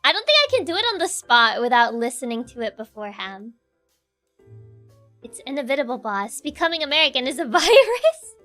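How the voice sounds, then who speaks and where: Young streamer woman, Spanish accent, bouncy pitch, playful laughing chat. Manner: giggly, animated, playful. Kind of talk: casual chat, reading chat aloud.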